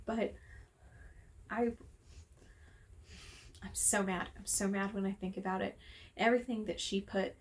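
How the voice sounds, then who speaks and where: A woman's voice: medium pitch, steady tone, a little slow, long pauses. A woman talking casually to camera in a room at home, heated and exasperated, swearing freely as she rants. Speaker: book reviewer. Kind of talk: casual vlog rant. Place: room at home with window open.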